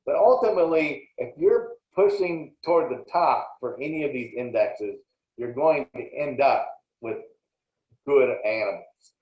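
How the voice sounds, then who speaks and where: A man's voice: mid-range voice, lively intonation, a little slow. A man giving a plainspoken, explanatory lecture on dairy breeding, with frequent small restarts. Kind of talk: recorded slide lecture. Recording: roomy, dull lo-fi sound.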